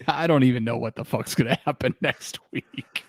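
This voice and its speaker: A man's voice: medium pitch, moderate pace, creaky. A man hosting a casual drinking podcast, signing off to viewers in a loose, swearing way. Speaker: podcast host.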